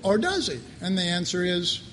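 A man's voice: high-pitched, very animated, moderate pace, fairly bright tone, slight background noise. A man preaching an informal sermon to a live congregation, conversational and joking, full of rhetorical questions.

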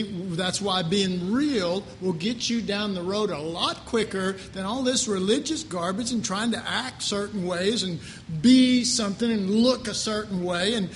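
A man's voice: high voice, fairly bright tone, a little hiss or hum. A man preaching an informal sermon to a live congregation, conversational and joking, full of rhetorical questions.

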